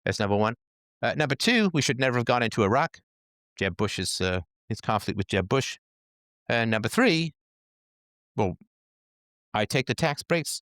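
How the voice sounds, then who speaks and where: A man's voice: mid-range voice, moderate pace, pauses often, no echo, clean studio sound. Guy ranting on a livestream, sarcastic and crude, voice all over the place. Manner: sarcastic, animated, crude humor. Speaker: podcast host. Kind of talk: livestream commentary.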